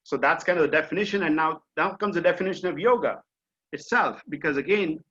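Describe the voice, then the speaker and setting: Speaking quickly in a husky, pushed, bright voice that sits on the high side, this middle-aged man with an Indian accent coaches mindfulness over a video call. He explains in a chatty way, filler words cropping up often. Home or office setting, dull lo-fi call audio.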